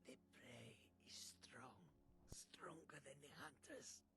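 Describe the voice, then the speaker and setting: An actor playing a male hunter of a werewolf cult in a game, speaking in a low, whispery voice. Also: slow pace. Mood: fervent hush. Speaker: game character. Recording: game audio under a stream, noisy.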